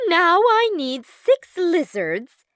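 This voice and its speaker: A woman voicing a cheerful, scatterbrained fairy godmother with an airy, unhurried manner. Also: very high voice, sing-song, fairly bright tone, no room sound, studio quality, pitched above the performer's own voice, heavily acted. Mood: breezy. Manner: airy, breezy, slightly slower.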